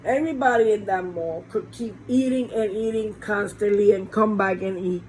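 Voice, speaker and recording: In a small, warm room where a fan is running, a woman pastor gives a casual sermon, asking rhetorical questions as she goes. Her voice is mid-range and her speed normal. The recording is poor, with a little hiss or hum.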